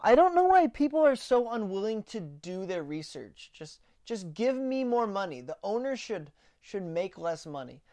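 A woman's voice: mid-range voice, sing-song, normal speed, few pauses, mellow. Ranting woman podcast host. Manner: ranting, mocks opponents in sarcastic put-on quotes; repeats words when starting sentences. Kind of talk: opinionated political commentary.

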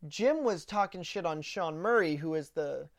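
A woman's voice: fairly low pitch, expressive, moderate pace. A woman hosting a political podcast, ranting in opinionated commentary and often stumbling over repeated words as she starts sentences. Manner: ranting, mocks opponents in sarcastic put-on quotes. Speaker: podcast host.

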